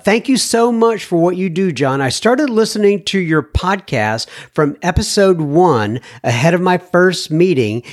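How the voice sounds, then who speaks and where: A man with a somewhat high voice hosts his own podcast, reading a listener's email aloud. He chuckles often and lifts his voice when he quotes the writer, answering with warm thanks in a relaxed, chatty way. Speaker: podcast host.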